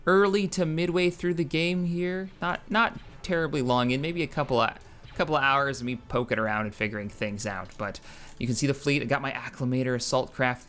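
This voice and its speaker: Excitable man rambling over gameplay. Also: medium pitch. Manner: excitable, rambling, frequent self-corrections. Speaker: gaming channel host. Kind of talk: casual gameplay commentary.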